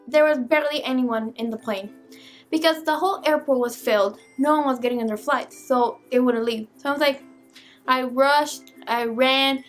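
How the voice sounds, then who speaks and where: Young female vlogger, high voice, exasperated animated storyteller. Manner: animated, exasperated, swears casually. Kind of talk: casual storytime vlog.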